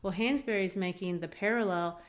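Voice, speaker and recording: A woman teaching literature, analysing a play in animated discussion. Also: medium pitch, a little fast.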